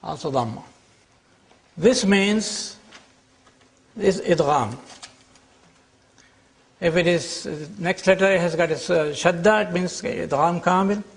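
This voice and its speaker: A man teaching a class, explaining slowly and checking that his students follow. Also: high voice, slightly rough. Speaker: Arabic teacher. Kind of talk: classroom lecture.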